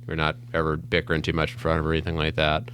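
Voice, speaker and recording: Deep-voiced dad telling stories. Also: male voice, racing, a little hiss or hum. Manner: relaxed storytelling with fillers and laughs. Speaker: podcast guest. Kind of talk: casual chat.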